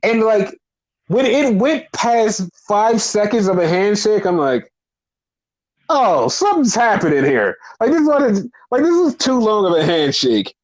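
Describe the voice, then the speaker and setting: A man chatting casually on a podcast, recapping wrestling with lively, swearing retellings and acted-out quotes. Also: high voice, a little slow. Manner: animated, swears freely, acts out quotes. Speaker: podcast co-host.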